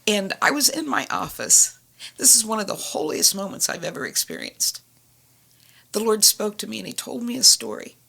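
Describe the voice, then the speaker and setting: A woman's voice: mid-range voice, sing-song, normal speed, vocal fry, pushed and bright, breathy edge. A middle-aged woman telling her personal faith story on a Christian radio talk show, earnest and vivid, acting out the conversations she recalls.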